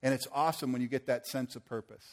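A man's voice: mid-range voice, steady tone, fast talker. An older man preaching a sermon to a church audience, earnest and asking the room questions.

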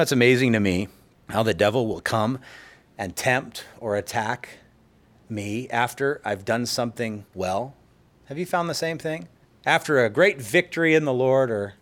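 A middle-aged male pastor delivers a sermon in a church, his voice sitting at an ordinary pitch for a man. He tells stories from his own life and jumps into acted-out quotes of what people said to him. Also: fairly bright tone.

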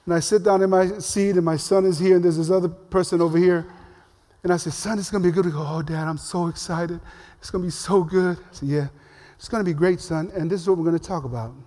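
A man's voice: sits high, fairly even intonation, fast talker, mellow. An older man, a pastor, giving a sermon in a casual, humorous storytelling way. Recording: long reverb of a large hall.

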